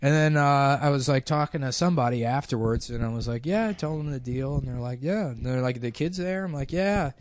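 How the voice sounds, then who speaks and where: A man in his thirties, a podcast host, telling a rambling comic story in a casual, deadpan way, full of fillers. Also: medium pitch, quick pace, hardly any pauses.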